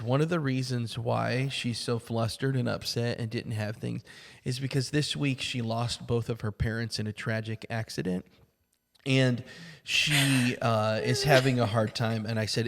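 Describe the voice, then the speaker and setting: A man's voice: mid-range voice, in a large hall. A man co-hosting a church podcast, telling a personal story in casual conversation, rambling along with plenty of fillers.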